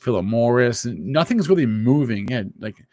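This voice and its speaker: A laid-back man co-hosting a market show, easing into his points with fillers and restarts. His voice is mid-pitched. The sound is dry and close to the mic. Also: expressive, normal speed, a little mellow, no room sound. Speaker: co-host. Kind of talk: casual market chat.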